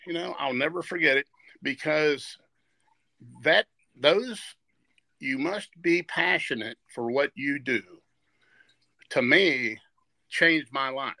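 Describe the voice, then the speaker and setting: A man's voice: a little high, creaky, bright, forceful tone, no room sound. A man in his sixties from Virginia, telling stories earnestly as a podcast guest and often restarting and repeating his words. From West Virginia. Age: 60s. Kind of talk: storytelling in a podcast interview.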